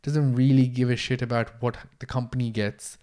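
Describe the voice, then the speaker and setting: A man hosting his own podcast in a casual solo monologue, blunt and energetic, swearing freely. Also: medium pitch, normal speed. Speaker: podcast host, entrepreneur.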